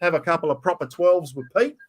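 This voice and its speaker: A man's voice: a little high, fast talker. A middle-aged man with an Australian accent hosts a casual live-stream chat, talking bluntly and chattily, swearing freely and calling people mate. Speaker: livestream host.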